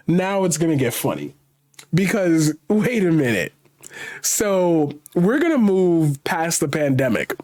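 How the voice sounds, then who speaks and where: A man with a high voice does reaction commentary on a news story. He races through the quoted lines. Then he rants slowly and loudly, swears, and repeats the same phrases over and over. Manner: rapid when reading, slow and emphatic when ranting. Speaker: commentary streamer.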